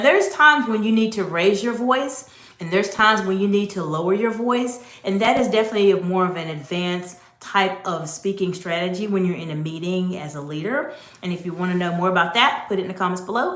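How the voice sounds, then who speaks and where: A woman's voice: mid-range voice, a bit bright. Emphatic woman coach, roomy echo. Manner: direct, emphatic, addresses the viewer. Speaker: executive communication coach. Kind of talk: instructive coaching talk to camera.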